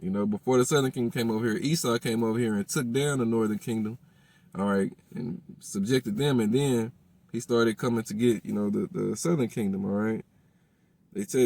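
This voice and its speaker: A man's voice: fairly low pitch, vocal fry, mellow, no echo. A man reading scripture aloud and explaining it, checking in with his listeners with "all right?" after nearly every phrase. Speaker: teacher of a religious group.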